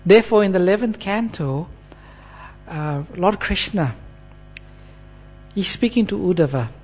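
A man with a high-pitched voice gives an earnest sermon on scripture. He checks in with his listeners as he talks, asking them short questions. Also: lively intonation, measured pace, a little mellow, slightly rough, soft background music. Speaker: preacher giving a scripture class.

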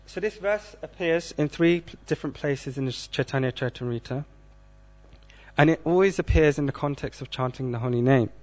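A man giving a scripture class, speaking in a measured way and asking the audience questions. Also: a little high, darkish tone.

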